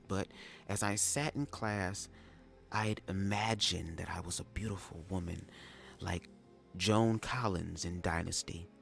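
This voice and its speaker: Male reader, low voice, live read-aloud with sassy asides; faint music. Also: measured pace, gravelly. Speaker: reader of a memoir.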